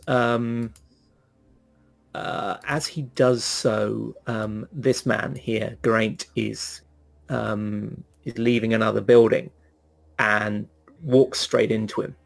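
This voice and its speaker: A man narrating a tabletop game as game master, hesitant and filling pauses with ums. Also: mid-range voice, vocal fry.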